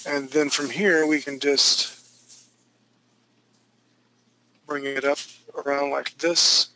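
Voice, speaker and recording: Male drawing tutor, casual live demo, bright edgy tone, faint background hiss. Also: fairly high pitch, flat delivery, takes it slowly, rough recording. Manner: casual, talks through each step as he draws. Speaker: drawing instructor.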